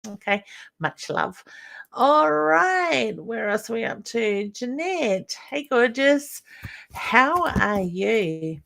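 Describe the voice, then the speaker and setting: A woman's voice: fairly high pitch, sing-song, takes it slowly, creaky, fairly bright tone. A woman, a psychic medium giving live readings to viewers. She is affectionate and reassuring, calling people honey and hun.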